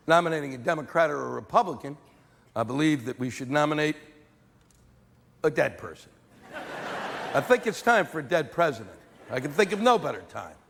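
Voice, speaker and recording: A man doing a stand-up comedy routine, sardonic and building to shouted exasperation. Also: on the high side, creaky, in a large hall.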